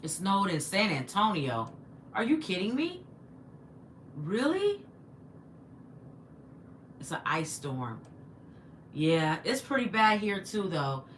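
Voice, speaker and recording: A woman with a fairly low voice runs a relaxed livestream at home, speaking unhurriedly over a little hiss or hum. She reads out viewer comments and talks back to her audience and her pet in a lively, chatty way.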